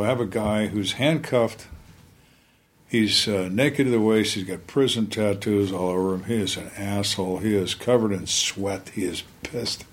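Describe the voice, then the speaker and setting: In a casual interview, a middle-aged former police interrogator with a fairly low-pitched voice tells stories, acting out the people who appear in them.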